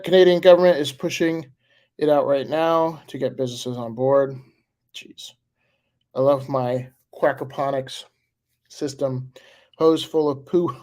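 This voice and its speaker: A man's voice: mid-range voice, gravelly, a little mellow. A man in his forties talking casually on a live stream, answering viewer comments in a rambling way with fillers and chuckles. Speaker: livestreamer reading viewer comments.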